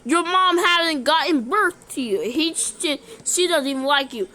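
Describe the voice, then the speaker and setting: A woman's voice: high-pitched, animated, a little slow, pushed and bright, heavily acted. A woman voicing a sulky young boy who whines and cries. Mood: defiant. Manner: whining, tearful complaints.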